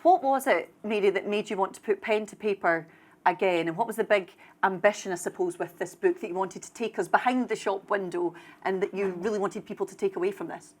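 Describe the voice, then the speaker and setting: A woman hosts a live stage interview, her voice mid-pitched and friendly. She keeps the energy up for the audience and leads her guest into each question with warmth and encouragement. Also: a little fast. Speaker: event host and interviewer. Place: conference room with live audience.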